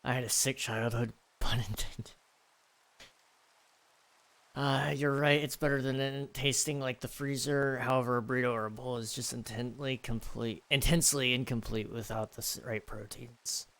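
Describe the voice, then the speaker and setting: A man's voice: mid-range voice, steady tone, normal speed, a bit bright. A man casually chatting with his viewers on a live stream, rambling and joking with lots of fillers. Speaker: streamer reading chat.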